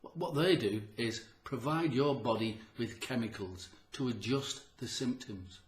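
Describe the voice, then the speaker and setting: Medium in pitch and measured in pace, this man's voice carries slight background noise and a roomy echo. He's a health vlogger speaking motivationally to the camera, earnest and emphatic, repeating lines for effect while slightly out of breath.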